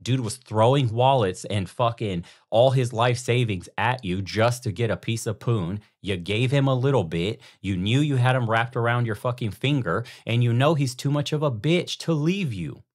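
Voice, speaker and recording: A man's voice: mid-range voice, normal speed, hardly any pauses. A man hosting a reaction show, mocking and crude in his slangy commentary. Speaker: host.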